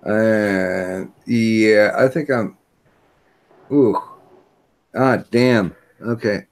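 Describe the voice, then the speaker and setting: A man streaming with a fever, talking haltingly with many restarts and struggling to focus. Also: lowish voice, fairly even intonation. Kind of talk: casual chat.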